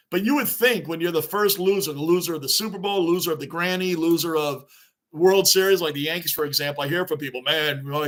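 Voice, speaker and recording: A man hosting a live sports reaction stream, excitable and rambling as he answers viewers' chat. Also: a little high. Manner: excitable, talks back to chat comments, rambling.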